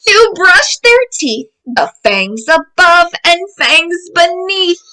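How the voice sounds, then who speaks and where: A woman reads a picture book aloud to children in an extremely high voice, going slowly. She sounds excited, exclaiming, gasping, and crying out in surprise. The recording quality is low.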